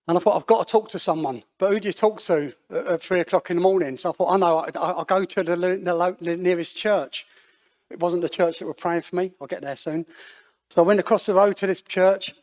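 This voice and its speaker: A man giving a personal testimony at a church, talking conversationally with halting restarts and acting out the voices of the people he quotes. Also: high-pitched, darkish tone. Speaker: guest speaker telling his life story. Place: church hall.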